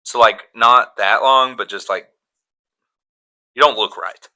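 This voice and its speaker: A man's voice: on the low side, slow pace, sharp tone. A young man co-hosting a podcast in casual chat, posing silly hypotheticals in a playful way and laughing often. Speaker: podcast co-host.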